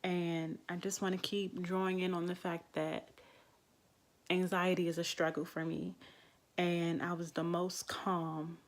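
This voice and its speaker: A young woman vlogger slowly and reflectively telling her own birth story to camera. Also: on the low side. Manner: slow, reflective, heartfelt.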